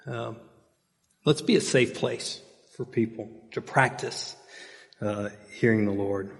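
A middle-aged man preaching a sermon in a relaxed, conversational way, telling stories with plenty of fillers and asides. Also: medium pitch, takes it slowly, gravelly, long pauses. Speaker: pastor. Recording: long hall reverb.

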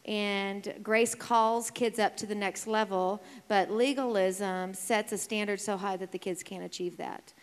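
A woman giving a relaxed talk at a church gathering, with fillers. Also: mid-range voice, a little slow, hardly any pauses, smooth, big-room sound.

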